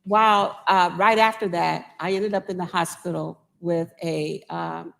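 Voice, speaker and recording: Woman panelist, low and gravelly, blunt. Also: fairly even intonation, measured pace, a bit bright. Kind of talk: live panel discussion.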